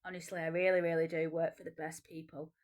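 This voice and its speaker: Northern english woman, 40s, casual vlog chat, rambling, animated. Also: fast. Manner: chatty, rambling, many restarts and repeats; animated, pitch jumping up when excited. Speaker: vlogger.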